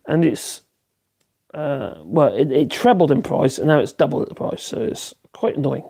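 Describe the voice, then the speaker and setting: A man's voice: on the high side, animated, moderate pace, vocal fry, warm tone, breathy edge. A man in his fifties with a Norfolk accent, chatting casually on a woodworking livestream, rambling with lots of fillers and restarts. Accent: Norfolk English. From Norfolk, England. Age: 50s. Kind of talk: casual livestream chat answering viewers.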